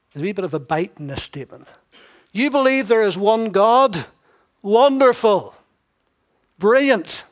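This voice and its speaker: A man's voice: a little high, a little mellow. A man preaching an expository sermon, emphatic and repetitive, with wry asides.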